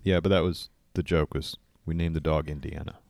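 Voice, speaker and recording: A man co-hosting a casual podcast, talking in a dry, deadpan, teasing way into a studio microphone. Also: a bass voice, fairly quick, gravelly, no echo. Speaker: podcast co-host. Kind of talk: casual banter.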